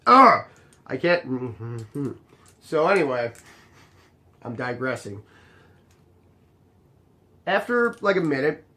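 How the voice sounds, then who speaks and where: A young man with a mid-range voice casually recounts a story from his work as a bar bouncer. He's animated and exasperated, acting out both sides of the conversation.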